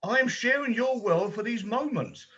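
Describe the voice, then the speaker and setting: A man plays a nervous, gentle gallery guide who stumbles over his words. His voice sits high and swoops widely, with a husky edge. The sound is dull and lo-fi. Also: lively intonation, normal speed, exaggerated voice. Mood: anxious. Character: anxious, kind-hearted male gallery guide. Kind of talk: amateur stage drama.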